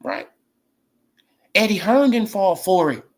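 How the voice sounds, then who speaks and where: Animated man ranting in slang. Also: slow pace. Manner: animated, swings from shouting to low mumbling, slangy. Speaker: boxing commentary channel host. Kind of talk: casual ranting commentary.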